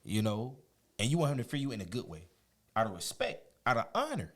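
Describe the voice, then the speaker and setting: A man, a guest on an interview show, telling a personal story in a casual, animated way, often laughing and acting out quotes. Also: mid-range voice, brisk.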